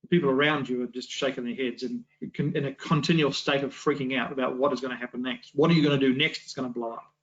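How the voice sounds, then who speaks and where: A man's voice: medium pitch, steady tone, quick pace, few pauses, fairly bright tone, dull audio. A man teaching an adult Sunday school class, talking in a loose, conversational way with many restarts and rhetorical questions.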